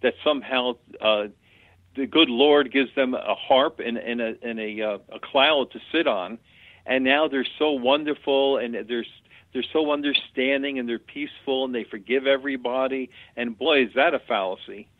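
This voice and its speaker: Guy on a phone call spinning a story, plain-spoken, mid pitch, tinny and dry. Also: normal speed, no room sound. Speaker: guest medium. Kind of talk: telling anecdotes in an interview.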